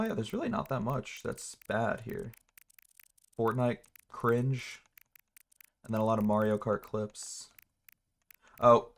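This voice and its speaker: A man hosting a casual livestream, rambling and laughing at himself as he talks. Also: lowish voice. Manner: rambling, laughs often, self-mocking. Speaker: streamer.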